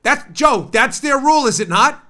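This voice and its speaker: Bright, animated ranting male host. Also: extremely high pitch, moderate pace. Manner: sarcastic, ranting, mocking. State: stuffed up from a cold. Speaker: political talk show host. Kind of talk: opinionated talk show monologue.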